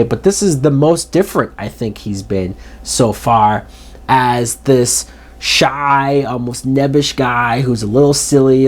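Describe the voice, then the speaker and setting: A man talks straight through a casual film review in a ranting, exasperated manner. His voice sits at an ordinary middle pitch and jumps up hard to stress his points. He keeps it informal and chatty, full of little fillers. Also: darkish tone. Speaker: film reviewer, channel host. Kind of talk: casual spoken movie review.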